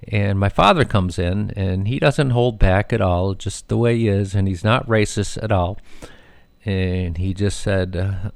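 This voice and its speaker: A man's voice: lowish voice, a little slow, vocal fry, no echo. A middle-aged man hosting a radio show, telling rambling family stories with many fillers and restarts.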